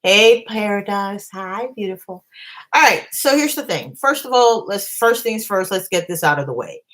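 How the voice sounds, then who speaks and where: A woman's voice: mid-range voice, lively intonation, moderate pace, a bit bright. A woman hosting a casual live stream from her bedroom, ranting bluntly with swearing and greeting viewers between points. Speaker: commentary channel host.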